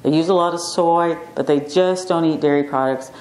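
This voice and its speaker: A middle-aged woman, an acupuncture physician, giving an informal class lecture and acting out stories with lively quoted voices. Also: deep voice, normal speed. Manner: chatty storyteller, acts out quotes animatedly. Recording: echoey classroom.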